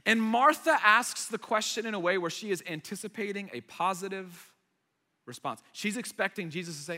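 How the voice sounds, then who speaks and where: Man, 30s, pastor. Animated storyteller, bright and forceful tone, echoey hall. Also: fairly high pitch, normal speed. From United States. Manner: animated storyteller, acting out voices. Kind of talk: sermon. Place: large church hall.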